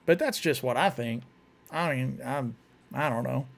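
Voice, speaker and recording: A man hosts a casual live stream, talking loosely and frequently restarting his words as he demonstrates on guitar, which plays in the background. His medium-pitched voice is a little slow, with vocal fry.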